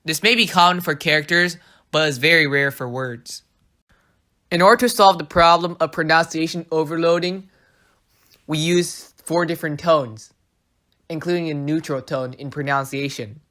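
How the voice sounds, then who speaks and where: Narrator for a language lesson, bright tone, steady explanatory read, voice-over. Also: medium pitch, normal speed. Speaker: teacher. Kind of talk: scripted narration.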